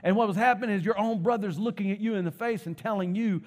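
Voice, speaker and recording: A man preaching a sermon as a pastor, telling a story with animated repetitions. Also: high-pitched, fast talker, hardly any pauses.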